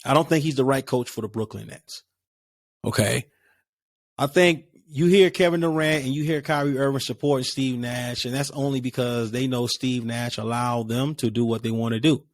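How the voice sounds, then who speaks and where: A man with a mid-range voice and fairly even intonation rambles through his casual solo sports podcast at a moderate pace, using lots of fillers and restarts in a conversational way. There is no room sound.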